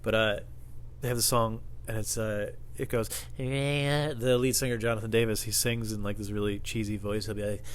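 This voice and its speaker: A man's voice: fairly low pitch, little pitch movement, normal speed, slight background noise. A man hosting a podcast in a casual comedic monologue, rambling, swearing a lot and laughing at his own stories. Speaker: podcast host.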